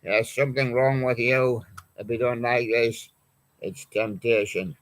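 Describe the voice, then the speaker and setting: A man's voice: medium pitch, steady tone, a little slow. A man hosting a live music show, chatting in a rambling way and reading out song titles from his records. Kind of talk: live-stream chat presenting records.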